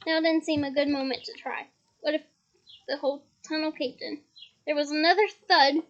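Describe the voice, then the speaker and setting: A woman reading a novel aloud in a steady storytelling manner with small restarts. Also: high voice, lo-fi sound, slight background noise. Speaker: reader.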